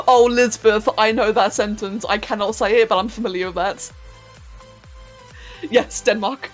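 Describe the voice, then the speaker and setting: A woman's voice: medium pitch, fairly even intonation, unhurried, pauses often, faint music behind. A woman from London with an English accent, chatting casually on a live stream while she works on a 3D model, laughing often and tripping over her words. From London, England. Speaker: streamer and 3D artist.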